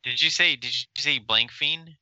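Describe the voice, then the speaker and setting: A man co-hosting a casual podcast, bantering quickly and laughing, with lots of filler words. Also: mid-range voice, sharp tone, no room sound, lo-fi sound. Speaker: podcast co-host. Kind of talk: casual chat.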